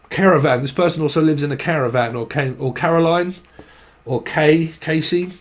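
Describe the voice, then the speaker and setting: A man's voice: fairly high pitch, normal speed. A man doing a casual tarot reading vlog, joking around and swearing freely. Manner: crude, jokey, swears freely. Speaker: tarot reader.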